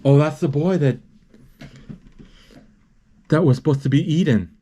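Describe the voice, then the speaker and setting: Casual male narrator describing a movie live, stop-start, correcting himself, bursts of excitement. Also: fairly high pitch, a little hiss or hum. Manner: halting, self-correcting, excited exclamations.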